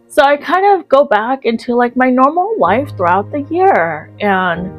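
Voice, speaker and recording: A woman narrating her own life story as an author, acting out her past reactions with lively quoted lines. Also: on the high side, a little slow, hardly any pauses, soft background music.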